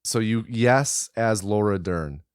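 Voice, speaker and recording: A man's voice: on the low side, takes it slowly, no room sound, clean studio sound. A man co-hosting a casual film podcast, laughing often and drawing out his asides. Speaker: podcast co-host.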